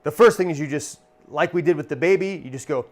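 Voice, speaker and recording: This male magician and entertainer talks at a quick pace with a higher-pitched voice, delivering a laid-back lesson peppered with acted-out comic one-liners.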